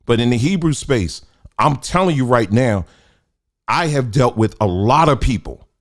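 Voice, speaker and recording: A middle-aged man, hosting a casual livestream and talking in an animated, preachy, colloquial way. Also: mid-range voice, moderate pace. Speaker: host.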